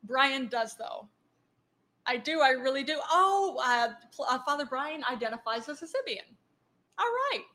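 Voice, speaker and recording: A woman's voice: high-pitched, lively intonation, normal speed, sharp tone. A woman co-hosting a casual podcast, rambling and laughing often as she reads out listener comments. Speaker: podcast co-host.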